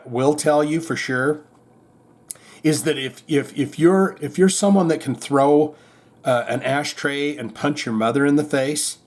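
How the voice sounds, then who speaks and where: A man hosts a rock news podcast in a loose, offhand way, wandering off topic with fillers and restarts. His voice sits at a mid pitch for a man. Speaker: podcast host. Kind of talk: casual rock news chat.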